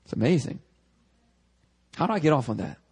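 A young male pastor preaching a casual, conversational sermon, animated and full of quick asides and restarts. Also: mid-range voice, breathy edge. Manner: animated, chatty, frequent restarts and asides to the congregation. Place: church sanctuary.

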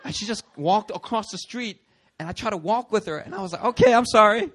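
A man preaching a sermon, animated and conversational, acting out voices in his stories. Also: high voice, a little fast, slightly rough. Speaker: pastor.

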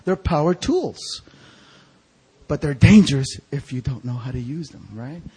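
A husky man with a fairly high voice preaches in a church sanctuary. He tells his story in an animated way, dropping to near a whisper and then rising, and he acts out the voices of the people in it. He sounds like an evangelist carried along by his own tale. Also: measured pace. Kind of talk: storytelling sermon.

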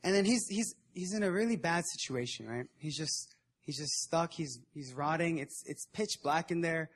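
Casual young man preaching, high-pitched. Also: moderate pace, slight background noise. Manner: conversational, acts out Bible figures in modern slang. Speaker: preacher at a prayer meeting. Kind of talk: casual sermon.

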